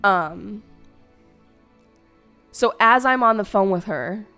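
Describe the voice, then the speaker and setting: Young woman, streamer, casual chat, rambling and hurt, smooth clear voice, faint music behind. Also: medium pitch, animated, slow pace, sharp tone. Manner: rambling, hurt storytelling with many fillers and restarts.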